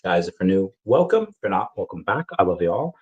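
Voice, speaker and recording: A man's voice: low-pitched, sing-song, fast, muffled recording. A man hosting a casual vlog, telling a rambling, crude story with goofy asides. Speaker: vlogger.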